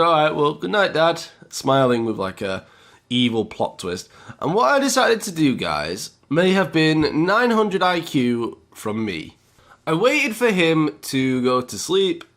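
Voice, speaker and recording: A young-sounding British man chatting straight to camera in a storytime vlog. His pitch swings up and down a lot as he tells the story, and he keeps turning to his audience with a casual "guys". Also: a bit bright. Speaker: YouTuber.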